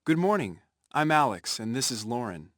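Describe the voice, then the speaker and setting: Actor as a cheerful coworker, lively intonation, dry sound. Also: male voice, mid-range voice, normal speed, no room sound. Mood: polite. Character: friendly young man introducing himself.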